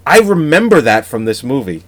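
A man's voice: medium pitch, very animated, fairly quick, fairly bright tone. A man co-hosting a casual movie-review podcast who laughs often, swears freely and reads from his notes. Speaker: podcast co-host.

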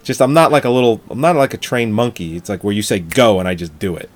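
A man's voice: fairly low pitch, animated, quick pace, soft background music. A man co-hosting a casual film chat podcast, joking and swearing, often laughing. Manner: jokey, swears, laughs often, reads article aloud. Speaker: podcast co-host.

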